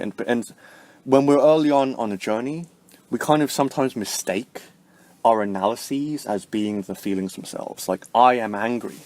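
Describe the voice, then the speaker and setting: Lowish-voiced man rambling through ideas. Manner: rambling, heavy use of fillers like "like" and "right?"; swings sharply up in pitch and loudness to stress points. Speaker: spiritual vlogger. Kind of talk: casual spoken explanation to camera.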